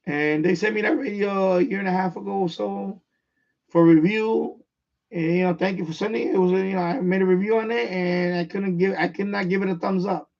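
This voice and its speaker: Sitting high, this man's creaky, darkish voice keeps a steady tone and moves a little fast. A New York-accented radio hobbyist born in Puerto Rico and raised in the Bronx, he rambles bluntly on a live stream and repeats himself, captured in dull lo-fi sound.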